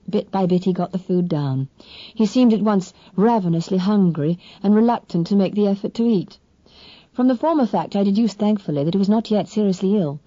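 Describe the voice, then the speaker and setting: A woman reading a novel aloud in measured, expressive first-person narration. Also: medium pitch, dry recording, muffled recording. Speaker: audiobook narrator.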